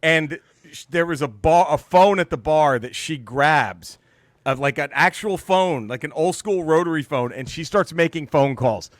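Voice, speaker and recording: A man's voice: fairly high pitch, moderate pace, dry recording, studio quality. A man, a stand-up comedian, telling a story in casual podcast chat, laughing often and acting out the people in it. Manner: animated, laughing storyteller who acts out quotes.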